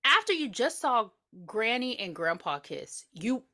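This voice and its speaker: Woman, podcast co-host, excitable jokey chat, bright voice, animated pitch. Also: measured pace. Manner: excitable, jokey, profane interjections. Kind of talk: casual movie recap chat.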